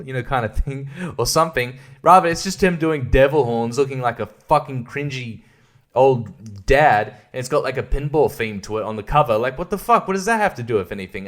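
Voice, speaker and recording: A man's voice: medium pitch, expressive, a little fast. A man giving a casual, sweary, sarcastic album review, often laughing at his own jokes. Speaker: music reviewer.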